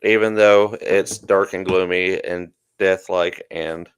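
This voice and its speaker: Male co-host, low resonant voice, dry close mic, casual chatty banter. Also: fairly even intonation, slow pace, clear, resonant tone, no echo. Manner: chatty, jokey, trails off. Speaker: podcast co-host. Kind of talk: casual livestream chat.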